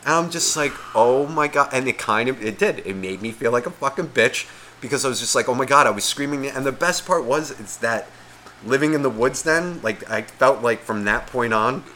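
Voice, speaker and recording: A man's voice: mid-range voice, animated, fairly quick, sharp tone, slight background noise. A man co-hosting a podcast, telling a story in casual chat, swearing a lot and acting out the voices of the people in it. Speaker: podcast co-host.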